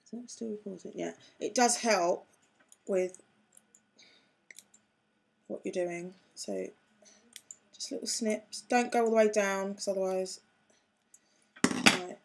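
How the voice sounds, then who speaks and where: A woman walks through a craft project in an easy, chatty way, stopping to poke fun at herself. She speaks slowly, and her voice has a soft, husky edge. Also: medium pitch, fairly even intonation. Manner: chatty, self-mocking, talks while working with hands. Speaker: craft tutorial host. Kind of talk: casual craft demonstration.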